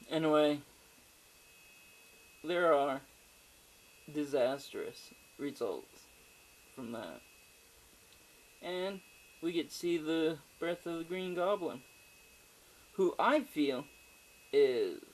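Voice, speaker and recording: Slow, rambling male movie reviewer. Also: fairly high pitch, expressive, rough recording. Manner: rambling, profane, with frequent fillers and digressions. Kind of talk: casual spoken movie review.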